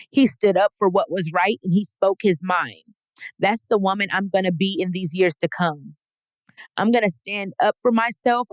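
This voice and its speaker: A woman's voice: mid-range voice, dry recording. Emotional woman reading her own letters. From Texas. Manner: heartfelt, emotional, affirming. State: tearful. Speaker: podcast host. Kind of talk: reading personal letters aloud.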